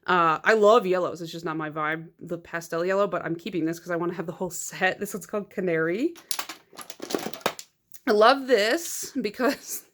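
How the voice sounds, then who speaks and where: A woman's voice: fairly low pitch, normal speed, a bit bright. A woman in a casual vlog, chatting through her nail polish collection in a rambling, filler-heavy way. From United States.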